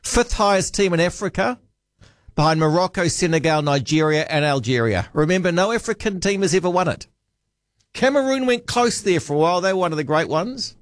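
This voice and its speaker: A slightly high-voiced man hosts a radio call-in show from a dry studio mic. He chats casually, thinks out loud and teases callers in a friendly way. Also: animated, fairly quick, dry recording. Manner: chatty, musing aloud, friendly teasing. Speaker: radio talkback host.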